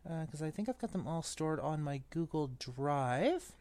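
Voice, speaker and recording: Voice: medium pitch, lively intonation, normal speed, a little mellow. A book club podcast co-host in casual chat, rambling and thinking aloud, with the odd swear.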